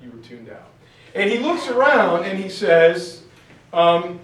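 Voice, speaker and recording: A man's voice: high voice, a little slow. Chatty male teacher in an echoey room. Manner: casual, chatty, animated. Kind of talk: classroom history lecture, storytelling. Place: classroom. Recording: very echoey room, far from mic.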